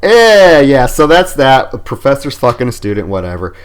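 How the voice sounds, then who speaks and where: A man's voice: medium pitch, big pitch swings, a little fast, clear, resonant tone. A man co-hosting a film podcast, recapping scenes in a loose, chatty way and swearing freely. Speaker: podcast co-host. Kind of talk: casual film review chat.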